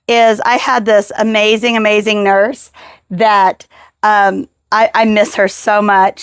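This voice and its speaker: A woman hosting a podcast, a mother and caregiver who tells stories in a lively, casual way and acts out the people she quotes. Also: medium pitch, clean tone, no echo, studio quality. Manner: animated storyteller acting out quotes. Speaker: podcast host; mother and caregiver of a child with seizures. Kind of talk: casual storytelling interview.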